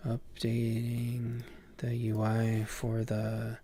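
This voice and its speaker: A man's voice: mid-range voice, completely flat delivery, drawn-out words, mellow, slight background noise. A man chatting casually on a live stream, distracted, rambling and swearing as he mutters to himself.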